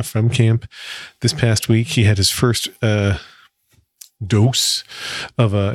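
A man's voice: on the low side, no room sound. A man giving a casual personal update, chatty and wry, laughing now and then. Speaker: vlogger.

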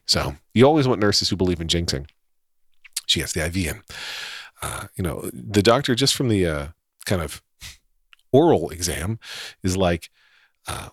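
A man's voice: deep voice, expressive, moderate pace, long pauses, a bit bright, husky, dry recording, clean studio sound. A man casually telling a personal story in a wry, self-deprecating way, chuckling often.

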